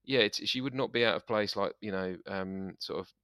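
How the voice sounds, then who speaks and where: A man with a southeast English accent chats casually on a podcast, his voice sitting fairly low. He rambles and restarts his sentences with lively enthusiasm. The sound is close and dry, with no room around it. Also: a little fast, clean tone, no echo. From southeast England. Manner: rambling, animated, self-interrupting. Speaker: podcast co-host. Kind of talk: casual chat.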